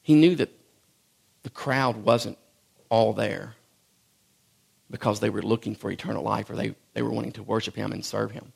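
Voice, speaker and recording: A middle-aged pastor preaching a sermon in a conversational, folksy way, swinging from loud bursts to hushed asides. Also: male voice, lowish voice, fairly even intonation, normal speed, gravelly, long pauses, breathy edge. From rural farm background.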